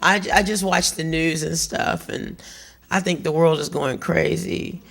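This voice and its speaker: A woman's voice: sits low, steady tone, unhurried, creaky. A woman comedian doing a brash, bossy stand-up set.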